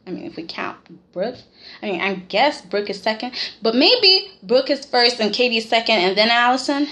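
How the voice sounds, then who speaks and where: Speaking a little high at a moderate pace, she recaps a soap episode for her vlog in a lively, sassy way. She talks right at the characters and keeps tacking "okay?" onto her lines.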